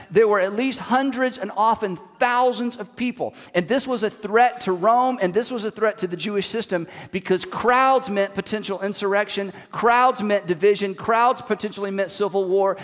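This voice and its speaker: A man preaching a sermon as a pastor, telling the story in an animated way with emphatic repetition. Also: high voice, big-room sound.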